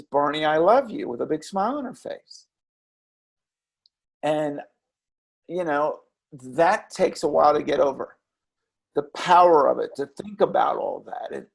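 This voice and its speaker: A former children's character performer, appearing as an interview guest, tells reflective stories in an earnest, gravelly, somewhat high voice. His delivery is halting, with repeated restarts.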